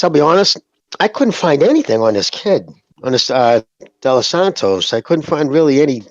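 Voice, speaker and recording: A man's voice: a little high, dry recording. A man co-hosting a boxing podcast, hedging his opinions and leaning on fillers. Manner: hedging, lots of fillers like "you know what I mean". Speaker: podcast co-host. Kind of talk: casual boxing chat. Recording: dull lo-fi audio.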